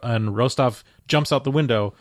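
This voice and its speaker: A man's voice: medium pitch, moderate pace, dry recording, studio quality. A man co-hosting a casual movie podcast, chatty and trivia-minded. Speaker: podcast co-host.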